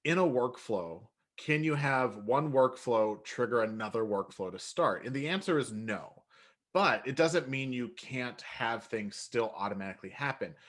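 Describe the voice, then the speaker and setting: Male co-host, average pitch, chatty and quick to add tips. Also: animated, fairly bright tone. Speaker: co-host answering viewer questions. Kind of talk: live webinar instruction.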